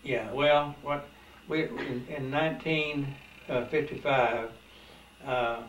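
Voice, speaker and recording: A man's voice: mid-range voice, fairly even intonation. Older man, hesitant storyteller, distant mic, roomy sound with a faint hiss. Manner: halting, full of uh and restarts. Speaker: interviewee. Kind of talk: reminiscing in a family interview.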